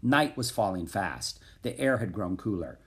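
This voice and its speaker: A man's voice: on the low side, normal speed. Man reading a children's book aloud. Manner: expressive, animated narration. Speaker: audiobook narrator.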